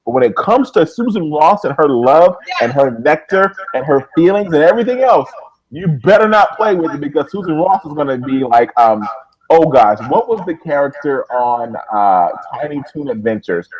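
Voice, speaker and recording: Lively man bantering about a show. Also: a little high, normal speed, rough recording. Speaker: podcast co-host. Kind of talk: TV episode recap chat.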